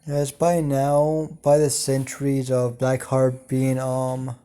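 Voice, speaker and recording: A man narrating an improvised fan story, slow and halting with many ums and casual swearing. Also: mid-range voice, monotone, warm tone, clear, resonant tone.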